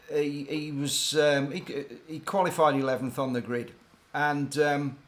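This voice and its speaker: A man's voice: on the high side, a bit bright. An older man, a former racing team mechanic, telling rambling, digressive stories in a casual, hesitant way. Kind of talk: casual anecdotal storytelling.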